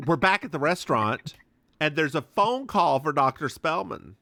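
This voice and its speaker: A man's voice: fairly high pitch, animated, normal speed, gravelly, sharp tone, no room sound. Chatty man with a very dry close sound. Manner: chatty, laughs often, playful put-on voices. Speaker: podcast co-host. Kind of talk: casual chat recapping a TV episode.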